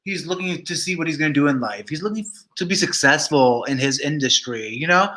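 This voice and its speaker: A man's voice: fairly high pitch, expressive, a little fast, pushed and bright. A man giving casual, sassy gossip commentary to his viewers, chatty and talking straight to the live chat. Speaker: vlogger.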